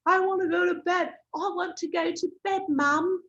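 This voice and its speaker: A woman's voice: fairly even intonation, moderate pace. A woman voicing a whining, tired little boy with a British accent, on a dull lo-fi recording. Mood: whiny. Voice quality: shrill and whining. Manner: shouting, worn out.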